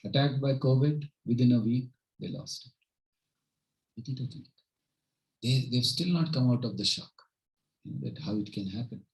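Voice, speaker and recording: A man speaking in an everyday mid-range voice, giving an informal devotional talk to a small gathering in a home. He is earnest and tells stories, often pausing to check that his listeners are following. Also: mid-range voice, expressive, gravelly, rough recording. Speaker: spiritual teacher leading a home gathering.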